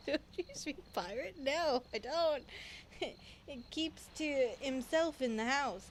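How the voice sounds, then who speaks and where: Woman putting on a gruff pirate sailor. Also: high-pitched, lively intonation, slight background noise. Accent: put-on pirate accent. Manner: halting, stumbling over the written dialect.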